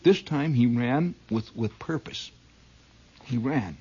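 A man's voice: medium pitch, slow, warm tone, husky. A man telling a comic story as a dramatic monologue, adding his own sound effects, on a dull lo-fi recording. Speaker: comedian.

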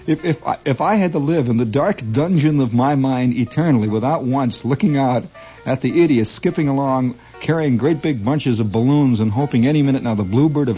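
A man's voice: mid-range voice, mellow, muffled recording. A middle-aged man performing a comedy monologue as one side of a conversation, talkative and argumentative, stammering and restarting, with chuckles at his own lines.

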